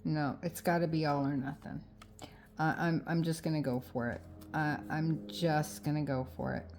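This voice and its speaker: A woman's voice: deep voice, steady tone, normal speed, darkish tone, soft background music. A middle-aged woman vlogging as she crafts, rambling and indecisive as she talks herself into her choices. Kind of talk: casual thinking aloud while crafting.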